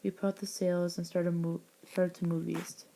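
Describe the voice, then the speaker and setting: Flat, mellow woman reading her story. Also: fairly low pitch, creaky, a little hiss or hum. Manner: halting, with frequent restarts. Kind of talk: reading a homemade story aloud.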